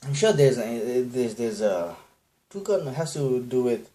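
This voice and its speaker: A man from Bangladesh talks alone on his podcast in a mid-pitched voice. He jumps from tangent to tangent, trips over restarts and chuckles at his own nerdy jokes. He is self-deprecating and loose. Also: lively intonation, a little slow, warm tone. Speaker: podcast host. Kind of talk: casual solo podcast rambling.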